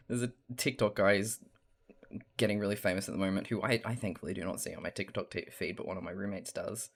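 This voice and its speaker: A young adult with a mild Australian accent chatting casually on a live stream while drawing, rambling and laughing often, with the odd swear. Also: low-pitched.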